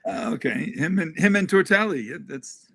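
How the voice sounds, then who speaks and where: Bright-voiced man from the US, joking around. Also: sits high, moderate pace, creaky, no room sound. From United States. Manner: relaxed, joking, laughs often. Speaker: interview guest. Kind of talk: casual interview chat.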